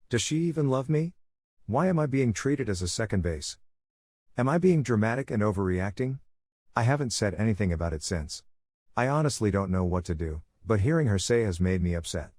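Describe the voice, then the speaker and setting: A man reading online relationship stories aloud as a narrator, in a plain, even delivery. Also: fairly low pitch, no room sound, studio quality. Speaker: story narrator. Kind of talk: scripted narration of online posts.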